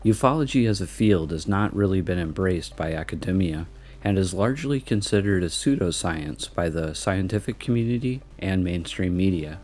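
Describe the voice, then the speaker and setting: A man reading scripted documentary narration in a measured, even way. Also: low-pitched, a little hiss or hum.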